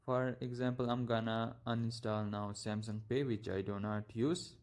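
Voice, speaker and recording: A young man hosting a tech tutorial, narrating each step casually with halting, stumbling phrasing. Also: mid-range voice, fairly even intonation, a little mellow. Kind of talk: screen-recorded software tutorial.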